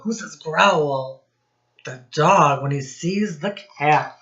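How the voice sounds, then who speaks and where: A woman teacher reading a picture book aloud to young children, asking them questions in a slow, sing-song teacherly way. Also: low voice, gravelly, fairly bright tone, highs cut off.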